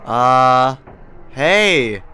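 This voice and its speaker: A man chatting casually while playing a horror game with friends, excitable and jokey, calling out to the others. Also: mid-range voice, drawn-out words, a little hiss or hum. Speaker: gamer. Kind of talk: casual gaming chat.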